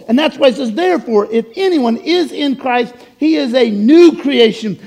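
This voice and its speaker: High-voiced preaching man, echoing hall. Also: lively intonation, moderate pace, gravelly, hardly any pauses. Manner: emphatic, swings from loud to hushed. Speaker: pastor. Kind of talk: sermon. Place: church sanctuary.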